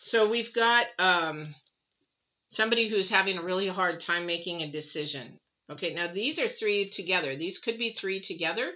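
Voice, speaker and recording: A woman's voice: on the low side, moderate pace, sharp tone, dull audio. A woman giving a live tarot reading in a chatty, rambling way, full of fillers and restarts. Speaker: tarot reader.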